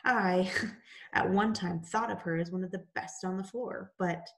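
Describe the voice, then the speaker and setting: A woman reading the lines of a sly, self-righteous male mill overseer who speaks in a smug, even tone. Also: medium pitch, a little slow, natural voice.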